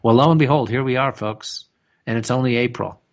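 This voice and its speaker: A man's voice: medium pitch, brisk, dull audio. A man co-hosting a radio show, talking in a rambling casual way with lots of "you know" and restarts. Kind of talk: casual talk radio chat.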